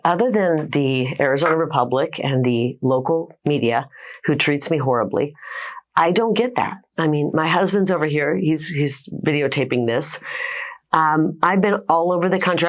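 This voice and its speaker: Confident low-voiced woman guest. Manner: confident, emphatic, lists points in quick series. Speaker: political candidate guest. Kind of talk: conversational interview answers.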